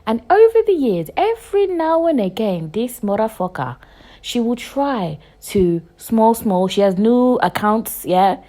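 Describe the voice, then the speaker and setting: A woman's voice: fairly high pitch, a little slow. Fired-up woman ranting, swearing. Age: 20s. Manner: heated, profane ranting with repetition; animated, swings between loud bursts and hushed asides. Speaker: podcast host. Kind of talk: casual podcast monologue.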